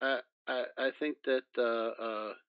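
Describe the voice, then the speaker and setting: A man's voice: mid-range voice, flat delivery, measured pace, smooth, dry recording, muffled recording. A man chatting casually with fellow tabletop players, teasing and talkative. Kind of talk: casual chat among gamers.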